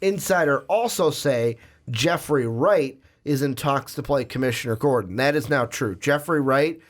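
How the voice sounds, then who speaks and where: A man's voice: mid-range voice, moderate pace. A young man hosting a casual podcast, rambling and chatty, with frequent fillers and restarts. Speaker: podcast host.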